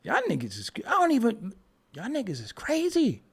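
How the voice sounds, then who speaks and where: A man hosts a live stream and rants at his chat with a lot of profanity and mockery, breaking into laughter often. His voice sits high for a man and swings wildly in pitch, with a gravelly edge throughout. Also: huge pitch swings, moderate pace. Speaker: show host.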